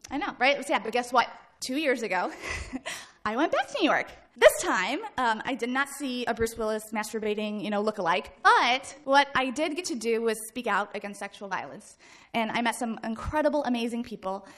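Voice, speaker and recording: A woman in her thirties from the American Midwest, a guest speaker telling a personal story to a live audience, acting out shouts and laughing along. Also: a little high, animated, brisk. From Midwest United States. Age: 30s.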